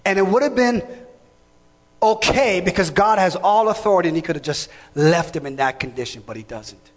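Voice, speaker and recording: A man preaches a sermon in a church, his voice sitting very high. He preaches emphatically, often shouting and calling on the congregation to answer. The sound rings with the long reverb of a big hall. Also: moderate pace. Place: church sanctuary.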